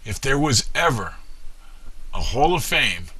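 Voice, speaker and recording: A man's voice: medium pitch, big pitch swings, bright, forceful tone, breathy edge. Wry man telling stand-up stories. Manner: wry storytelling with punchline pauses. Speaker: stand-up comic. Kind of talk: seated stand-up comedy routine. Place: small venue with a live audience.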